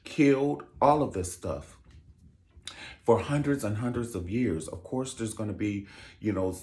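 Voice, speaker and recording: Young man, low voice, lively swooping pitch, sassy, profane commentary. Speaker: vlogger. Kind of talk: casual commentary.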